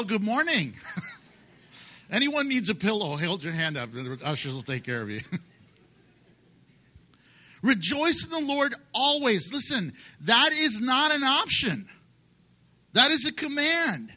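Bright high-voiced man preaching. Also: sing-song, unhurried, pauses often. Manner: conversational, emphatic, jokes with congregation. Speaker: pastor. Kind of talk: sermon.

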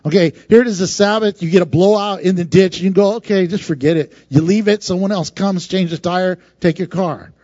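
A man preaching a sermon in a conversational, animated way, laughing often and acting out voices. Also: high voice, a little fast, few pauses, no room sound, muffled recording. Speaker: pastor.

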